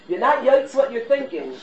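A middle-aged man, a rabbi, giving a fiery, exhorting sermon to his class, sprinkling in Hebrew and Yiddish terms. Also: on the high side. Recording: roomy, dull lo-fi recording with noise.

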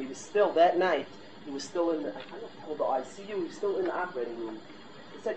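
A man's voice: a little high, animated, quick pace. A middle-aged man, a rabbi, giving a fiery, exhorting sermon to his class, sprinkling in Hebrew and Yiddish terms. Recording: roomy, dull lo-fi recording with noise.

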